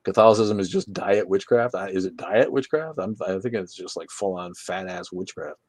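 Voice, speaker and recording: Sarcastic, swearing livestream host. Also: male voice, low voice, moderate pace, a little mellow, dry recording. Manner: sarcastic, joking, swears freely. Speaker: livestream host reading chat comments. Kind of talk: casual profane livestream chat. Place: his room.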